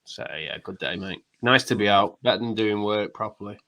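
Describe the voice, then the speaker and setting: A man's voice: on the low side, fairly quick, pushed and bright. A man, bantering casually on a podcast in a laid-back, self-mocking way. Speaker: podcast co-host. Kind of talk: casual chat.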